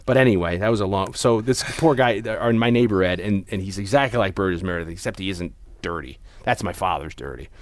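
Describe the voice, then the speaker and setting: A man's voice: sits low, fast talker, dry recording. A young man hosting a podcast, chatting casually and telling a rambling story with many restarts. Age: young adult. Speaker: podcast host. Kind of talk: casual chat.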